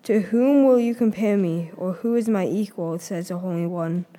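A woman reads scripture aloud in church in a mellow, mid-pitched voice. Her reading is measured and earnest, with the odd small stumble. A long reverb fills the space. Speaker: scripture reader.

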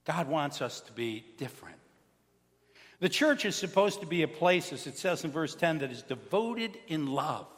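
Pastor guy preaching, chatty storyteller, high bouncy voice, long church echo. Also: moderate pace. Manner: animated, conversational, asks the congregation questions. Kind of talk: sermon with storytelling.

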